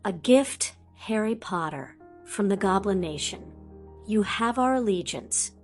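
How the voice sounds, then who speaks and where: A woman's voice: mid-range voice, lively intonation, measured pace, faint music behind, natural voice. A woman voicing a formal male goblin envoy in an audiobook, speaking in a solemn, ceremonial way.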